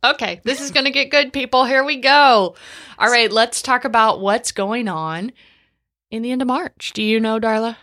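A woman's voice: a little high, normal speed, a bit bright. A woman co-hosting a podcast, chatting casually and trading jokes. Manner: joking, wisecracking. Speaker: podcast co-host.

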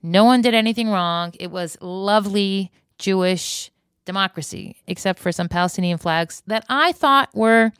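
A woman hosting a podcast in a casual monologue, chatty and opinionated, laughing between her points. Her voice is smooth and clear, and the recording is dry and close, with no room sound. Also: medium pitch, moderate pace, a bit bright, dry recording. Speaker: podcast host. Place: Israel.

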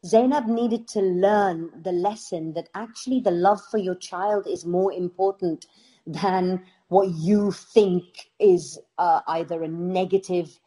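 A middle-aged British woman, an actress, telling stories in a casual interview with lively laughter. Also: fairly low pitch, slow. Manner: animated storytelling with laughs. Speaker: actress guest.

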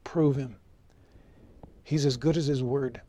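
A man teaching a scripture lesson, telling personal stories with animation and slowing down to read verses solemnly. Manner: expressive, rises in pitch for rhetorical questions.

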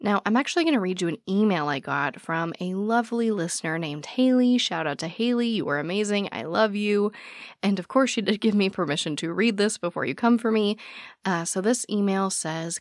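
A woman's voice: mid-range voice, moderate pace, no echo. Gushing young woman podcast host, dry sound. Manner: warm and gushing with listeners. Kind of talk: casual podcast talk.

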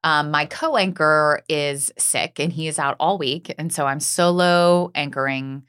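A woman's voice: sits low, steady tone, unhurried, a bit bright, smooth. A woman co-hosting a casual podcast, chatty and rambling, laughing easily as she talks. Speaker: podcast co-host and news anchor. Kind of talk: casual chat. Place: Asheville area.

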